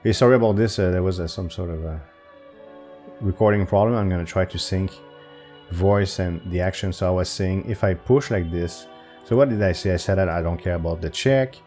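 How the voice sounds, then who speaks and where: Soft music plays behind this chess channel creator as he solves puzzles out loud, fairly quick and warm in tone. His self-talk is hesitant, full of restarts and sudden pitch jumps.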